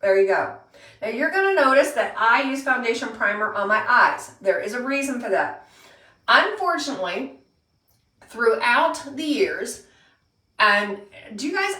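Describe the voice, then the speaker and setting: A woman's voice: a little high, big pitch swings, normal speed, sharp tone. Chatty woman hosting a live makeup tutorial. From Pennsylvania. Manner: chatty, greets viewers by name. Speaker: makeup workshop host. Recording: roomy echo, voice a bit far from mic.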